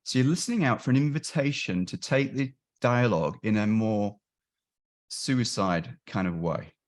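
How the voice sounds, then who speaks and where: A man on a webinar video call, explaining his years of crisis line volunteering, with frequent restarts and quick acted-out quotes of callers and helpers. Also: fairly low pitch. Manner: frequent restarts and self-corrections. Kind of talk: webinar discussion.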